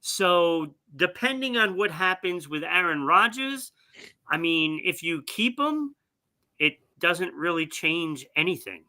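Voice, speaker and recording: A man co-hosting a sports talk show, ranking teams in an unhurried way with many pauses. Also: fairly high pitch, big pitch swings, pushed and bright.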